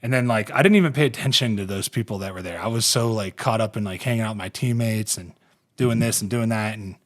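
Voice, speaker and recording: A man's voice: fairly low pitch, quick pace. Profane, rambling man telling stories. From Ohio, US. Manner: rambling, profane, laughing through his stories. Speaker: podcast host and former pro football player. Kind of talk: casual podcast storytelling.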